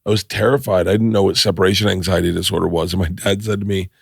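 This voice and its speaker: Gravelly low-voiced man telling a story. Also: fairly even intonation, fast talker, no echo, clean studio sound. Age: middle-aged. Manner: emotional, laughing storyteller. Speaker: podcast host. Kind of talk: casual storytelling chat.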